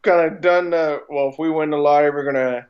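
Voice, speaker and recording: A man co-hosting a podcast, chatting casually and slipping in dry, teasing remarks. His voice sits a little high, and the recording sounds dull and lo-fi. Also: fairly even intonation, quick pace. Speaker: podcast co-host. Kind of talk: casual chat.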